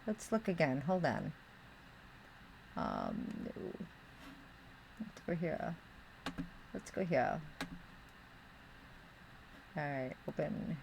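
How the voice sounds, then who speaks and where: Middle-aged woman streamer, Western New York accent with Midwest hints, lowish voice, rambling chatty delivery, talking to chat at her desk. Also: wildly swooping pitch, drawn-out words, gravelly, pauses often, background noise. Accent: Western New York with Midwestern touches. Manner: rambling, talks to chat, muttering while searching. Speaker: live streamer. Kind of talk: casual live-stream chat while crafting.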